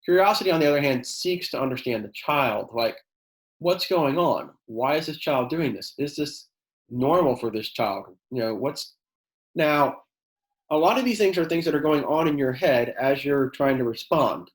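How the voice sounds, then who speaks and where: A man's voice: fairly high pitch, expressive, moderate pace. Chatty male chemistry teacher, echoey room. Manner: conversational, many fillers, acts out quoted exchanges; self-described sarcastic. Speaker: high school chemistry teacher leading a workshop. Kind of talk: teacher workshop talk.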